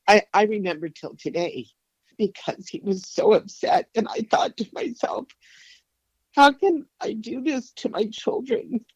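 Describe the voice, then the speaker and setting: A middle-aged woman speaks in a reflective, halting way, often restarting her sentences as she answers questions about her past. Her voice sits at an ordinary pitch. The recording is dry and a little dull, with no room sound. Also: darkish tone, breathy edge, no room sound. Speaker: guest sharing her testimony. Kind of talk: candid interview answers.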